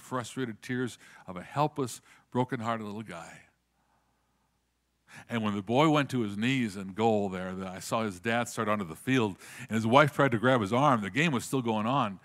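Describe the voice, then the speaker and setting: A man's voice: mid-range voice, a bit bright. Earnest man preaching through a story. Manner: earnest, repeats words when starting sentences. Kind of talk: sermon storytelling.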